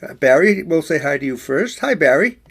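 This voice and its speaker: A man hosting an online open mic over a video call, halting and self-deprecating as he introduces the first act. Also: fairly high pitch, sing-song, vocal fry, a bit bright, slight background noise. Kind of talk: casual hosting.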